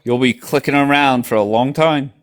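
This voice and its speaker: A man's voice: medium pitch, normal speed. A man hosting a live stream, bluntly pressing his guest and demanding she back up her claims. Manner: blunt, insistent, demanding quotes. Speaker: streamer host.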